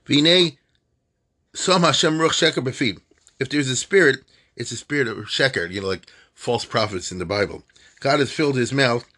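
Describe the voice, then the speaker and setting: A man giving an informal lesson, reading Hebrew passages slowly and explaining them in casual, halting asides. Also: medium pitch, fairly bright tone. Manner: hesitant, many fillers and restarts. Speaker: Torah teacher. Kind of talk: informal text study lesson.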